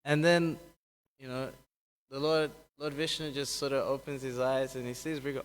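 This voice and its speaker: Male speaker, mid-pitch, relaxed scripture storytelling with acted-out quotes and self-corrections, long hall reverb. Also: normal speed, clear, resonant tone. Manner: acts out quoted characters with raised pitch, laughs often, corrects himself. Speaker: speaker giving a scripture class. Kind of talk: casual scripture talk with storytelling.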